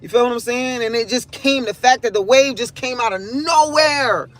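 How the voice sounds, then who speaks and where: A woman's voice: fairly high pitch, normal speed. A woman hosting a livestream, talking in a candid, rambling and profane way about her feelings. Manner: profane, rambling, emotionally open. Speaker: livestream host. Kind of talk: casual candid monologue.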